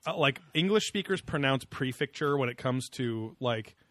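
A man's voice: mid-range voice, lively intonation, normal speed, a bit bright, no echo. A man co-hosting a podcast in casual, crude banter, joking and laughing often between rambling asides. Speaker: podcast co-host.

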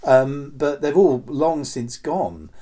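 A man's voice: a little high, animated, slow pace, warm tone. A middle-aged man chatting casually and rambling through old memories, with many ums and restarts. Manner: rambling, lots of ums and restarts, breaks into voices for anecdotes. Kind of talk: casual nostalgic chat.

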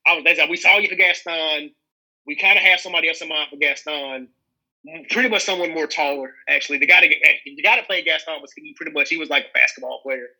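A young man with a Southern American accent talks through his acting work in a loose interview. His voice is very bright and a bit high, and he rambles, restarting and filling gaps as he goes. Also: fast talker, rough recording. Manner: rambling, many restarts and fillers. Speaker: actor guest. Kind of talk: casual interview chat.

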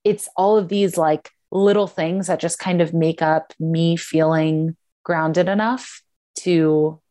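A woman's voice: low voice, measured pace. A young woman in casual chat, telling a personal story and acting out the lines of others. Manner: animated storyteller, acts out quotes.

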